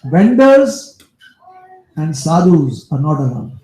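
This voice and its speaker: In an echoey room, a male preacher with a voice on the high side slowly tells a devotional story within his sermon. He's an animated storyteller who turns aside to address his listeners directly.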